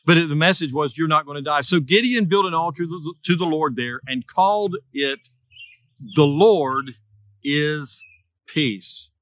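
A man's voice: animated, fairly quick, hardly any pauses, fairly bright tone, no echo. A man preaching a sermon, retelling a scripture story and acting out quoted voices. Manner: storytelling, acts out quoted voices with raised pitch.

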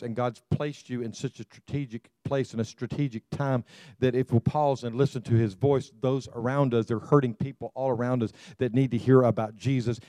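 An older man preaching as a pastor, with a mellow, warm voice and a dry, close sound. He pushes the congregation with repeated calls and stumbles into restarts as he goes. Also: medium pitch, no echo. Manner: exhorting, repeats "come on" to the congregation. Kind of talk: sermon.

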